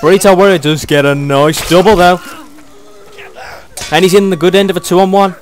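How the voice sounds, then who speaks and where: Excitable high-voiced British commentator. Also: male voice, moderate pace, slight background noise. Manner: excitable, chuckling often. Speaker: match commentator. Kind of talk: play-by-play esports commentary.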